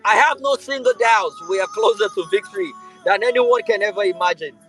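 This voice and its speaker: Rousing man with a high voice. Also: brisk, fairly bright tone, soft background music, poor audio. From Nigeria. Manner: rousing, repetitive oratory. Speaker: speaker on a live audio space. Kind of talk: impassioned political speech.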